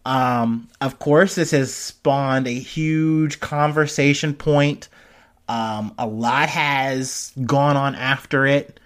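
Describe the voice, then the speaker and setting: A man's voice: mid-range voice, steady tone, slow pace, a bit bright. A young man hosting a casual news commentary, rambling with lots of fillers and frequent swearing. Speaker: commentary host.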